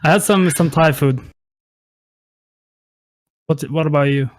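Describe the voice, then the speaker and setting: A man's voice: fairly high pitch, unhurried. A man casting a live online game tournament, hesitant and apologetic, with many fillers and restarts, on a headset mic. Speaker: esports caster. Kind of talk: casual live game commentary.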